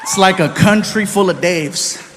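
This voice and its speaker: A man from the United States doing animated stand-up storytelling on a live comedy stage, acting out voices and swinging between loud and soft. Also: high-pitched, measured pace, some chatter behind, a little hiss or hum.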